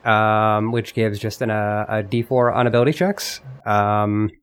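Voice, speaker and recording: A man playing a tabletop game, describing his character's actions in a relaxed way. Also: fairly low pitch, normal speed, clean tone. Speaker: player. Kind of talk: casual tabletop game play.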